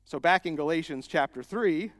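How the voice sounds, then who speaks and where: A man preaching a sermon as a pastor, emphatic and rising to loud repeated declarations. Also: fairly high pitch, normal speed, clean studio sound. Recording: long hall reverb.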